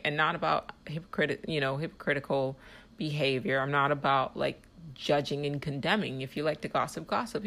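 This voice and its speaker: A woman's voice: deep voice, fairly bright tone. A woman hosting her own podcast, talking in a heated, rambling monologue full of "like" fillers. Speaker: podcast host. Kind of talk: casual monologue.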